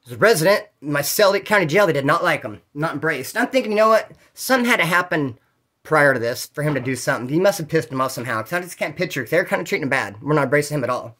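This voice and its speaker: A man telling prison stories in a casual, animated way, swearing often and acting out other people's voices. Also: on the high side, racing. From California. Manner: animated, profane, acts out quoted voices. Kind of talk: casual storytelling.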